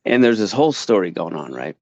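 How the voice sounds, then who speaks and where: A man's voice: sits low, sing-song, darkish tone, no room sound. A man tells a meandering story on a call, tripping over his words and restarting often. The audio is dull and lo-fi, with a dry close sound. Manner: rambling, halting, many restarts. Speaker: caller sharing a story. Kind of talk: casual storytelling. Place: outdoors.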